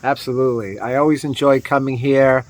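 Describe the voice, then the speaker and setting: A man's voice: mid-range voice, fairly even intonation, a little fast. A man co-hosting a casual hiking vlog outdoors on a trail, easygoing and rambling with many fillers. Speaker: hiking vlogger.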